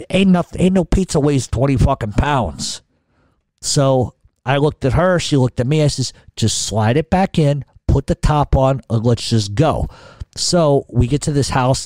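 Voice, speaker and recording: Middle-aged male podcast host, loose profane storyteller, mellow tone. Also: mid-range voice, dry recording. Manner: profane, rambling, with many restarts. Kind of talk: casual storytelling.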